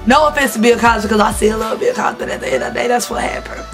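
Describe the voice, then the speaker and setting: A woman's voice: on the high side, racing, over music. A woman, telling candid, laughing stories to her vlog audience. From Southern United States. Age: 20s. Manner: chatty, laughing, slangy and candid. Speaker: vlogger. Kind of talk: casual storytelling to camera.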